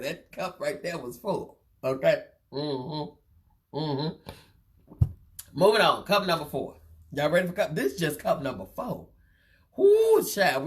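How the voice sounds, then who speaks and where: A woman hosting a live gossip show, teasing and laughing often, repeating phrases and calling out "child" and "baby" as she comments. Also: lowish voice. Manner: repeats and draws out phrases for effect.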